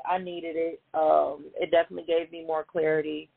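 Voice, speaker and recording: A woman's voice: lowish voice, fairly even intonation, normal speed, vocal fry, few pauses, no room sound. A woman co-hosting a casual podcast, talking straight to her listeners with slang and pet names. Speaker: podcast co-host. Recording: tinny phone-like sound.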